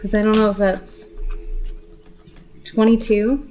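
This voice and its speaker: A woman chats casually as a tabletop game player. She is blunt and swears freely. Her voice sits at a middle pitch. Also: flat delivery, dark tone. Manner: blunt and swearing, quick to laugh. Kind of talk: casual chat.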